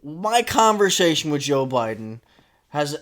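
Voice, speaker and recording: A young man co-hosting a casual comedy podcast. His pitch swings widely as he jokes around and swears freely. He sounds loose and conversational. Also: a little slow. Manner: animated, joking, swears freely. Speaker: podcast co-host.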